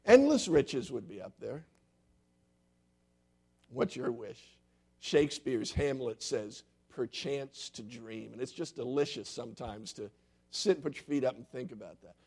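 A man's voice: medium pitch, moderate pace, pauses often, husky. A man preaching a sermon as a pastor, telling stories and acting out quoted voices. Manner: storytelling with lively quoted voices.

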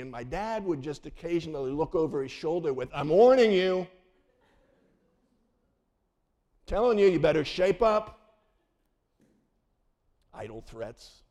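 A man's voice: fairly high pitch, dark tone. A man in his sixties, a pastor telling a childhood story in a sermon and acting out the people in it. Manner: storytelling, acting out voices of family in the tale.

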